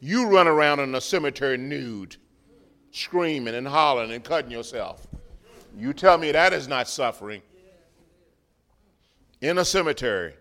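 A man in a church preaching a sermon, animated, rising to shouts and chuckling between points. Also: medium pitch, normal speed, pauses often. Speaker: guest preacher.

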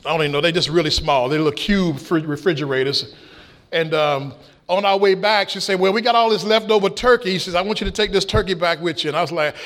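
A middle-aged man preaching a sermon, with shouted peaks and folksy stories. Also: high voice. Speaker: pastor.

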